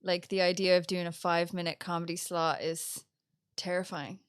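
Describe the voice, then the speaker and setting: A woman's voice: fairly low pitch, flat delivery, normal speed, clean tone, no room sound, clean studio sound. A young Irish woman co-hosting a podcast, chatting casually and laughing at herself. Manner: chatty, self-deprecating, laughs often. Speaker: podcast co-host. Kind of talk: casual chat.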